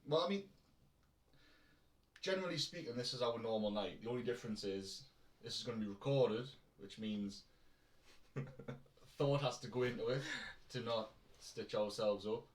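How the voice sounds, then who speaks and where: A man with a North East English accent co-hosting a podcast, chatting and joking in a relaxed way. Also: mid-range voice, normal speed, long pauses. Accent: North East English, between Newcastle and Durham. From North East England. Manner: chatty, jokey, laughs often. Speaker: podcast co-host. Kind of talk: casual chat. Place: room at home. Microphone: shared microphone from a distance. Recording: echoey room, mic at a distance.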